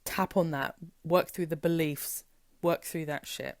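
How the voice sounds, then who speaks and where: Low-voiced frank spiritual coach woman. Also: unhurried, no room sound, clean studio sound. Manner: frank and emphatic, swears freely, animated quoting. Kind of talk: candid motivational talk.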